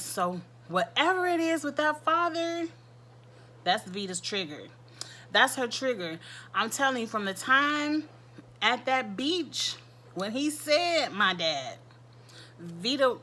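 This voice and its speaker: Woman, casual recap host, bright tone, repeats lines for emphasis. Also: fairly high pitch, animated, a little slow. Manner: chatty, repeats phrases for emphasis. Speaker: reality show recap host. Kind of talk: casual commentary.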